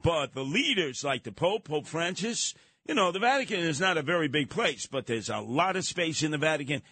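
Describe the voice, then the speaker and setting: A man hosting a radio talk show, trading opinions with callers in an animated, mocking way that slips into acted voices. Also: a little high, a little fast, no room sound.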